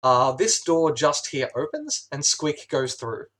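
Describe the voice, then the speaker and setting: A man's voice: fairly high pitch, lively intonation, takes it slowly, fairly bright tone. A man running a tabletop role-playing game as game master, narrating scenes with frequent "uh" fillers and restarts. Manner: hesitant, many "uh" fillers.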